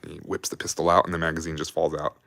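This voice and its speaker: Low-voiced male host in his thirties, casual, profane, rambling army yarns, dry close sound. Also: flat delivery, very fast, gravelly, sharp tone, no echo. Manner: rambling, profane, laughs while telling stories. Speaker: livestream host telling army stories. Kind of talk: casual storytelling on a livestream.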